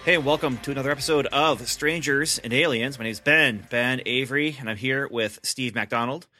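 A man's voice: medium pitch, brisk, bright, forceful tone, faint music behind. A man hosting a podcast in casual chat, talking in a loose way with frequent laughs and filler words. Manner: chatty, laughs often, many fillers and restarts. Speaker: podcast host.

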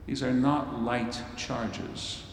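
A preacher putting on a grave high priest who addresses his court in slow, weighty, formal phrases. His voice carries from a distance through a long-echoing hall, with a faint rumble underneath. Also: steady tone, vocal fry. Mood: solemn. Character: solemn stately male high priest presiding at a trial. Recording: roomy hall, voice from far off.

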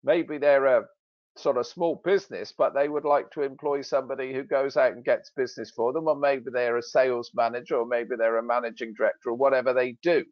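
A man's voice: mid-range voice, no room sound, muffled recording. A British man, a sales expert and author, telling a story in casual podcast talk with jokey, self-mocking humor.

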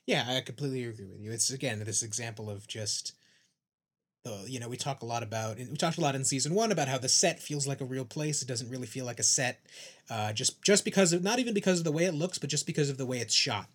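A man's voice: mid-range voice, fast, husky. A man co-hosting a podcast, talking through a TV series thoughtfully and often restarting his sentences. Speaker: podcast co-host. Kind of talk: casual chat.

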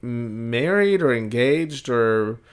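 A man's voice: mid-range voice, lively intonation, slow, smooth. A man co-hosting a podcast, telling stories animatedly in casual chat and laughing often. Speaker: podcast co-host.

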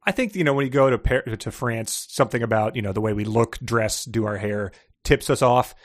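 A man co-hosts a casual book talk, joking and building to mock outrage. His voice is mid-pitched and lively. The recording is close and dry. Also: brisk, no echo. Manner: animated, jokey, rising to mock outrage. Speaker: podcast co-host.

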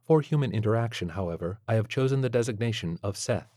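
A courteous male robot, played by a man, speaks in a pleasant, naturally inflected voice that still sounds inorganic. He is formal and measured, choosing every word precisely. His delivery stays quiet and even. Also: lowish voice, no room sound, clean studio sound.

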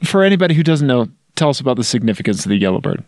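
A man co-hosting a casual chat podcast, trading quick replies and dry jokes. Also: medium pitch, big pitch swings, a little mellow, no echo. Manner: quick backchannel, dry joking. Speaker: podcast co-host.

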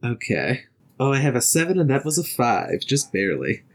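A man player in a tabletop game, speaking calmly and steadily in character. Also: mid-range voice, normal speed.

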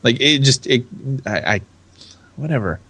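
A man's voice: mid-range voice, expressive, measured pace, sharp tone, breathy edge. A young adult man from California co-hosting a casual podcast chat, rambling, restarting his sentences and laughing often. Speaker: podcast co-host.

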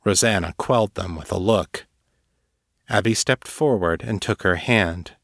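A man narrating serial fiction in a measured, even reading. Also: deep voice, no room sound, clean studio sound.

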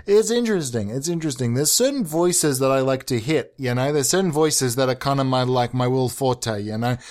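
A man's voice: mid-range voice, normal speed. A man hosting a comedy show, rambling about his character voices and getting flustered, often laughing at himself. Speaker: comedy podcast host.

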